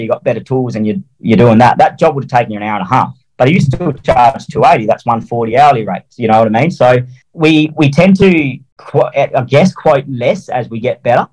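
A man in a casual interview, talking quickly at a mid-range pitch. His speech is blunt and colloquial, peppered with swearing and acted-out quotes. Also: a little mellow, low-quality recording. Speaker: interview guest, mowing franchisee.

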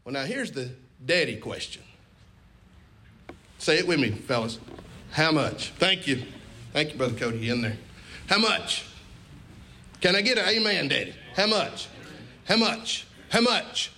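A man preaching an animated storytelling sermon in a church, calling for responses. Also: on the high side, moderate pace, pauses often. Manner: animated, repetitive, call-and-response.

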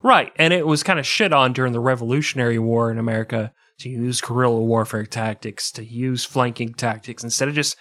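A man co-hosting a casual history podcast, joking and riffing quickly. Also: mid-range voice, fairly bright tone. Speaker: podcast co-host.

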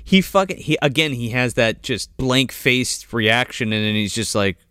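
A man's voice: medium pitch, moderate pace, clean tone, dry recording, clean studio sound. A man co-hosting a casual film discussion, recounting scenes with swearing and acted-out lines. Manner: profane, animated retelling with acted quotes.

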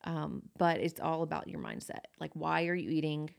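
A woman with a very low voice talks in casual conversation. She speaks earnestly about her own experience and keeps up a steady stream of affirmations while others talk. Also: moderate pace, gravelly. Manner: frequent back-channel affirmations, earnest. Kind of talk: casual chat.

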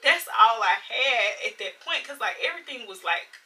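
A woman's voice: on the high side, lively intonation, normal speed, bright, forceful tone, far from the mic, rough recording. A woman telling her faith story in a casual chat, earnest and emotional, addressing listeners as y'all and saying like a lot. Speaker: podcast co-host.

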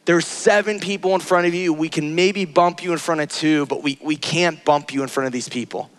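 High-voiced pastor telling a story. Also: male voice, steady tone, a little fast. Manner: earnest, conversational storytelling with casual fillers; acts out his own cries and quoted lines with rising pitch. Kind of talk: storytelling sermon.

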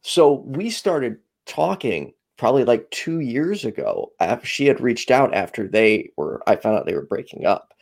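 Male podcast host, rambling and candid, gravelly voice with lots of pitch movement. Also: very animated, moderate pace, hardly any pauses. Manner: rambling storyteller, loose and candid. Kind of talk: casual chat.

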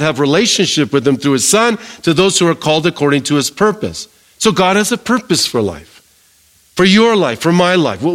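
A man's voice: a little high, a bit bright. An older man delivers a sermon from the pulpit in a slightly raised voice. He is emphatic and keeps asking the congregation questions to check that they are following. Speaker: pastor.

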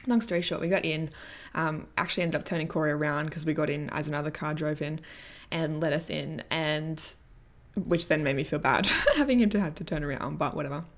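A young woman who vlogs about personal growth tells a story and offers coaching tips, candid and casual, swearing freely and laughing often. Her voice is low-pitched and fairly quick.

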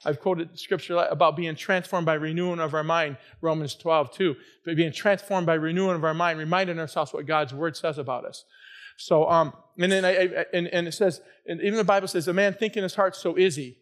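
A middle-aged male pastor with a notably high voice preaches a sermon in a church. His delivery is energetic, often climbing into shouted emphasis before settling back down. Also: brisk. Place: church sanctuary.

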